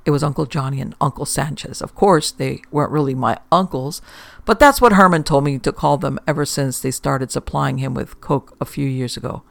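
Gravelly, wry male audiobook narrator. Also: medium pitch, a little fast, no room sound. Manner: wry, deadpan. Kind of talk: first-person story narration.

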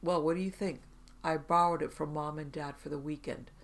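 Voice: medium pitch, fairly even intonation, brisk, close to an everyday voice. A narrator reading a teasing young boyfriend. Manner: teasing, lightly grinning. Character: cheerful young man, playful boyfriend.

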